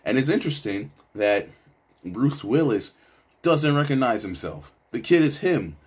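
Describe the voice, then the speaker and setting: A man's voice: medium pitch, very animated, a little slow, music in the background. A man giving casual, reflective commentary on a film, loose and full of asides. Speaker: video essayist.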